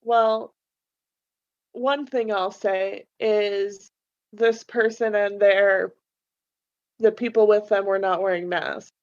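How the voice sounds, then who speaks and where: A woman's voice: mid-range voice, steady tone, slow pace, pauses often, darkish tone, dull audio. A young woman chatting on a casual podcast, talking freely and acting out the dialogue in her stories. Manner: chatty, acts out quoted dialogue. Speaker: podcast guest, host's wife. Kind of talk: casual chat.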